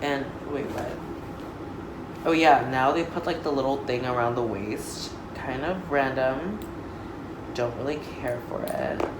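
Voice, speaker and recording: A woman in her thirties chatting casually through an unboxing, gushing and excitable, with lots of fillers, recorded on a phone. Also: a bass voice, unhurried, background noise. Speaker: doll unboxing vlogger. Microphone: phone camera.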